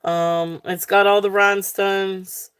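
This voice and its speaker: A woman's voice: medium pitch, level tone, takes it slowly, a bit bright, clear, resonant tone. A woman from Virginia with a Southern accent, hosting a live jewelry sale in a chatty, casual way full of fillers. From South Central Virginia, USA. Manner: chatty, many fillers, thanks viewers by name. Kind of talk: casual live-stream sales talk.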